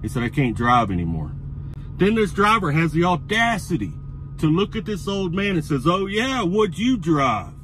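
A middle-aged man telling an angry, profane story about a truck stop that builds into heated yelling. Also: on the high side, sing-song, normal speed, slight background noise. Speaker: truck driver vlogger.

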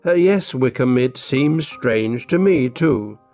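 A village priest in a storybook, earnest and slightly raised in pitch when troubled, as a man narrator voices him. He speaks in a measured, concerned way with a lively rise and fall. Soft music plays underneath. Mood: firm. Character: older male village priest, earnest and brisk.

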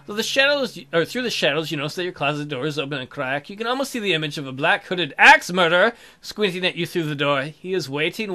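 A young man with a voice on the high side hosts a let's play, reading the game's text aloud. He layers in sarcastic, profane commentary and breaks into sudden loud outbursts.

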